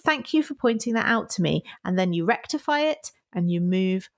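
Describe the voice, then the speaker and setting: A woman's voice: medium pitch, expressive, normal speed. A woman co-hosting a podcast in casual chat, laughing often and acting out apologetic quotes. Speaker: podcast co-host.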